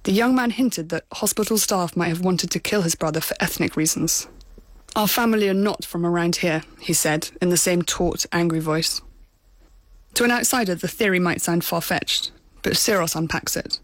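A woman foreign correspondent narrating a scripted report in a measured, sober storytelling manner. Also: on the low side, no echo.

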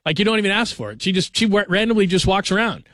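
A man's voice: high voice, animated, fast, a bit bright, no room sound. A man in his forties hosting a sports radio show, telling joking stories in a chatty, casual way. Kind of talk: casual talk radio monologue.

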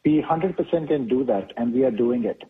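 A man being interviewed as a company executive, explaining in a measured way. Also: mid-range voice, lively intonation, slightly rough. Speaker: chief operating officer, guest. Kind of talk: interview answers. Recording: tinny phone-like line.

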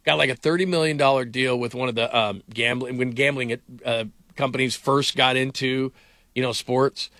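A man's voice: mid-range voice, steady tone, moderate pace, sharp tone, no echo, studio quality. A middle-aged man hosting a sports talk radio show, rambling through stories with lots of fillers. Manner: rambling storyteller, heavy on fillers.

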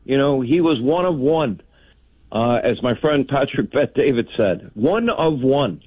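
A man who hosts a radio show, telling stories in a casual, animated talk-show conversation. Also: medium pitch, unhurried, husky, dry recording. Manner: animated storytelling, broadcaster delivery. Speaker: radio host. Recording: tinny phone-like sound.

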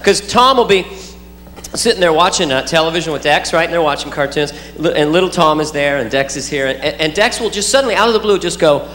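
A man's voice: on the high side, expressive, fast talker. A man doing a rambling stand-up routine on stage, talking to the audience and making silly sound effects. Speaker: stand-up comedian. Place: large venue with loud audience. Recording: echoey live hall recording, loud crowd.

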